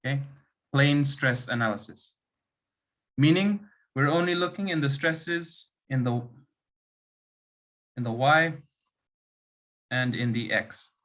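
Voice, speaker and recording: A man's voice: a little high, fairly bright tone. A man running an online engineering lab class, explaining concepts step by step and often checking in with "okay" and "right". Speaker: lab demonstrator.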